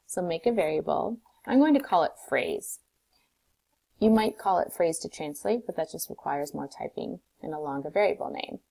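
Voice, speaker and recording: A woman teacher calmly walking through a coding tutorial step by step, recorded on a desktop mic. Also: low voice, moderate pace, gravelly, rough recording. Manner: calm, step-by-step instructions.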